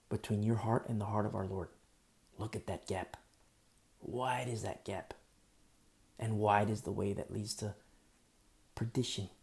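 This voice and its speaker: Gravelly-voiced male pastor preaching. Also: medium pitch. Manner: emphatic preaching, swings between loud bursts and hushed asides; repetitive, with frequent fillers. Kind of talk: sermon.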